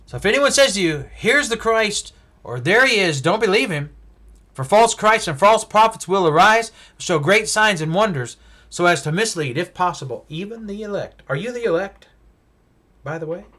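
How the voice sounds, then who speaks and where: A male preacher giving a Bible-teaching sermon, emphatic and full of rhetorical questions, swinging between loud stresses and hushed asides. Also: high voice, lively intonation, moderate pace.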